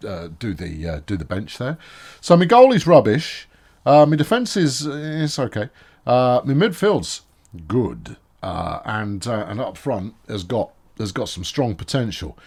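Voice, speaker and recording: A man's voice: lowish voice, darkish tone. A man in early adulthood giving casual commentary as he plays a management game, dry and self-mocking, rambling with many restarts. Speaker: gaming video host. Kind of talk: casual let's-play commentary.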